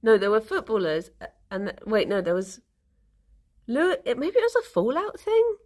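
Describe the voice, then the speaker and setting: A woman's voice: fairly high pitch, wildly swooping pitch, moderate pace, a little mellow. A young woman streaming, chatting casually with viewers in a rambling, giggly, sleepy way. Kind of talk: relaxed casual stream chat, reading chat.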